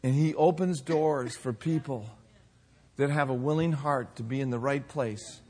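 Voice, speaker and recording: A man in his sixties preaching a sermon, telling folksy personal stories with humor and lively emphasis. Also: medium pitch, a little slow, breathy edge. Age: 60s. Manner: folksy storytelling, animated with laughs. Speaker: pastor.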